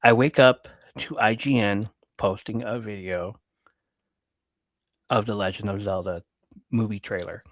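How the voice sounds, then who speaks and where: A man's voice: lowish voice, steady tone, measured pace, pauses often, no echo. A man hosting a live podcast, casually reading viewer messages aloud and laughing often. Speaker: podcast host reading chat. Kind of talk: casual live-stream chat.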